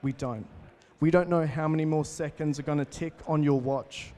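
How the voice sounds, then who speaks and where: On stage before a live audience, an Australian keynote speaker in his twenties gives a motivational talk at a moderate pace. His voice is a bit higher than most men's, and he tells energetic stories while speaking directly to the crowd.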